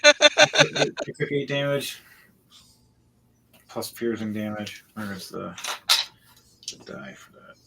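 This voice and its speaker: A man narrating a tabletop game as game master, calling out dice rolls and combat turn by turn, with sudden loud outbursts. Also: lowish voice, takes it slowly, gravelly, long pauses, a little hiss or hum, low-quality recording.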